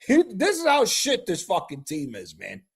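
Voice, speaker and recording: A man streaming a live reaction to a football match, excitable and profane, trash-talking the players. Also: sits high, normal speed, creaky, breathy edge. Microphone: streaming mic.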